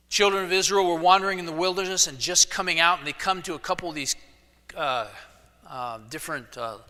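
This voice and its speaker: Male pastor, casual joking sermon style, bright voice, long church reverb. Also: on the high side. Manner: casual storytelling with jokes. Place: church sanctuary. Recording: echoey church hall.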